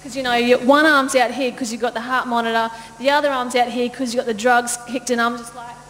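A woman pastor telling a lively personal story in a sermon, laughing often and acting out the voices of the people in it. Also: on the high side, fairly quick. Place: church auditorium. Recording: long church-hall reverb, faint noise.

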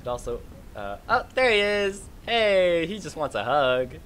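Man, livestream gameplay commentary, chatty, excitable, faint background noise. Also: fairly high pitch, a little slow. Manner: excitable, chatty, reacting to the game. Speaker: streamer.

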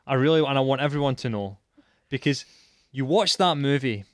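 A man's voice: medium pitch, lively intonation, a little fast, no echo, clean studio sound. A man on a casual panel chat, ranting animatedly and slipping into mocking impressions.

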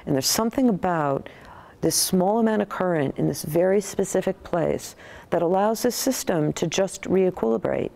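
A middle-aged woman neuroscientist recounting research in an interview, thoughtful and animated, with frequent restarts. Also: on the low side, normal speed, vocal fry.

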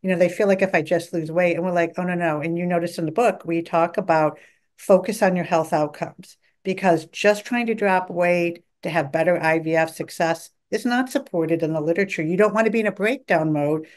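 A woman's voice: on the low side, brisk. A middle-aged woman dietitian, a podcast guest, talking eagerly and acting out her patients' words. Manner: enthusiastic, talkative, quotes patients in lively voices. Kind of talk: podcast interview.

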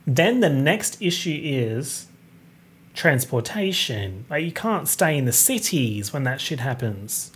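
A young man hosting a casual solo podcast, talking in an animated, campy way and swearing freely. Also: mid-range voice, slow pace, breathy edge. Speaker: podcast host.

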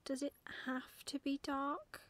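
A woman voicing a timid, curious baby barn owl boy, soft and hesitant, in a whispered role-play for a storybook. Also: high voice, fairly even intonation, slow pace, no echo, voice pushed up. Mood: wondering.

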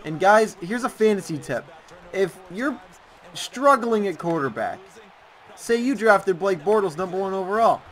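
This young YouTuber's casual gameplay commentary is all football picks, delivered with sarcasm and ranting, dragging out words for emphasis. He speaks at a moderate pace in a high-pitched, expressive, slightly bright voice.

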